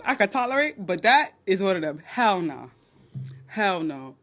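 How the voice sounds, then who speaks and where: A young woman in her twenties with a New York accent, hosting a blunt, animated dating-advice livestream on her phone. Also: medium pitch, moderate pace. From Nigerian, raised in New York. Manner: blunt, animated, crude humor. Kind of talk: casual livestream chat.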